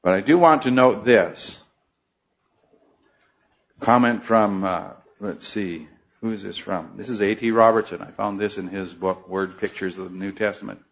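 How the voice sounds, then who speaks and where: A man's voice: fairly low pitch, normal speed, vocal fry, dull audio. A man preaching an expository sermon, teaching earnestly and pressing hard on key phrases.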